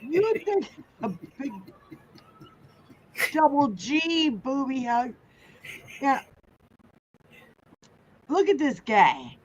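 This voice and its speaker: Female co-host, drunk, profane, high and slow, on muffled lo-fi audio. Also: sing-song, a little hiss or hum. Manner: profane, hurling insults at trolls. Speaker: livestream co-host. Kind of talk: casual livestream chat.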